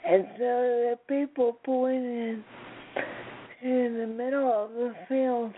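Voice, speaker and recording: A woman host reading a children's story aloud, slowly and carefully. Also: on the high side, little pitch movement. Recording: noisy phone-like line.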